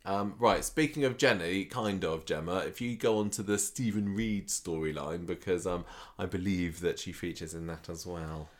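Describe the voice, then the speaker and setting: A woman's voice: rumbling low, moderate pace, hardly any pauses. A woman co-hosting a casual podcast, rambling through her thoughts with fillers and restarts. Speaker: podcast co-host. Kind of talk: casual chat.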